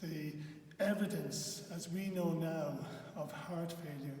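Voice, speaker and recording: Guy retelling a bible story, kinda high voice, slow and earnest, stumbles and repeats words, echoey room. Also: creaky, darkish tone. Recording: echoey hall from far off.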